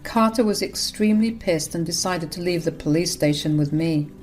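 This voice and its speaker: A woman narrating a first-person story in an even, matter-of-fact way with sarcastic jabs. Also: fairly low pitch, normal speed, soft background music.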